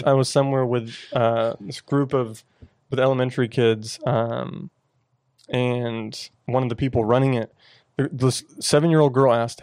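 A man co-hosting a casual talk about faith, earnest and halting, with many restarts. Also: medium pitch, steady tone, darkish tone, no echo. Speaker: podcast co-host.

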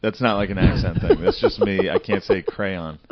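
Low-voiced laid-back young man. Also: steady tone, brisk. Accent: western Pennsylvania. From northern Pennsylvania. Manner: laid-back, swears, self-mocking banter. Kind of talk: casual chat. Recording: dry dull lo-fi audio.

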